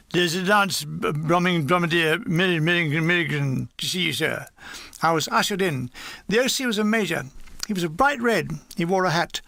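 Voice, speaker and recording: High bright-voiced man reading a memoir. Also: creaky, no echo, studio quality. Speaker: audiobook narrator.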